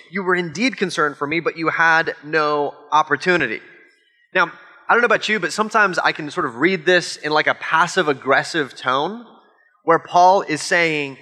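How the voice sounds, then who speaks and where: A man's voice: fairly high pitch, bright, forceful tone, in a large hall. A man preaching a conversational sermon as pastor, with joking asides.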